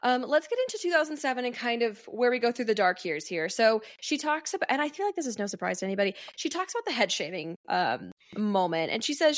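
A woman's voice: on the high side, sing-song, fast talker, few pauses, no echo, studio quality. A young woman hosting a podcast, casually recapping a book with lots of "um" and "like". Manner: chatty, frequent "um" and "like", reads quotes aloud. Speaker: podcast host.

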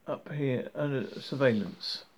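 A man voicing a patient, level-headed young woman in a story reading, coaxing gently. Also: mid-range voice, measured pace, natural voice. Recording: dull lo-fi recording.

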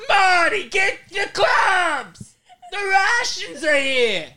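A woman voicing a frantic, panicking middle-aged mother who yells in a shrill, drawn-out Bronx accent. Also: sing-song, noisy background, heavily acted. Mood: panicked yelling.

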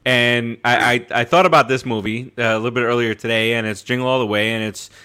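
Guy co-hosting a movie podcast, bright sharp voice, keeps restarting his sentences. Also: medium pitch, steady tone, fast, clean tone. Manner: rambling, many restarts and laughs. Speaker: podcast co-host. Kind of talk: casual chat.

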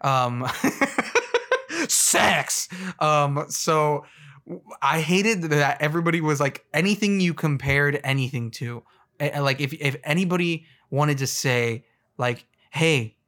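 A man ranting in a casual, comedic way, rambling and excitable with frequent stumbles and restarts. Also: a little high, measured pace.

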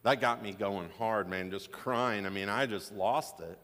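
A man's voice: on the low side, measured pace, a bit bright, big-room sound. A man pastor preaching a sermon, telling stories with joking asides. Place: church sanctuary.

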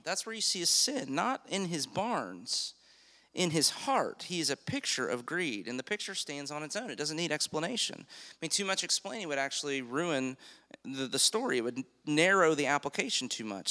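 Bright-voiced male preacher in a hall. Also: medium pitch. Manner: emphatic, slows for key phrases, asks the congregation questions. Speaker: pastor. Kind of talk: sermon.

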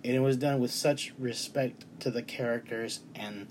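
A man in his thirties gives a casual movie review from his bedroom, gushing emotionally about a film he adored and rambling with restarts. He speaks at a moderate pace with fairly even intonation, his medium voice a little mellow. A little hiss or hum runs underneath.

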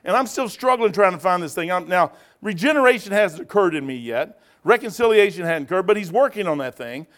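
A man teaching a Bible study in a rambling sermon style, animated, often laughing and digressing, with sudden loud bursts. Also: high voice, fairly quick, few pauses.

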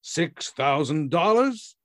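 A man reading aloud and voicing a smug, wealthy prankster who drawls his words slowly and teasingly. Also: a little high, big pitch swings, a bit bright, dry recording, studio quality, voice pushed up, full character voice. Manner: slow drawl, mock-jolly.

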